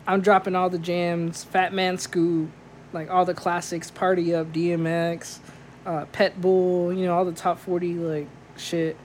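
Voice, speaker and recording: A man's voice: sits high, flat delivery, measured pace, a little hiss or hum. Slangy man telling a DJ story. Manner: slangy, says "like" a lot. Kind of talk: casual storytelling.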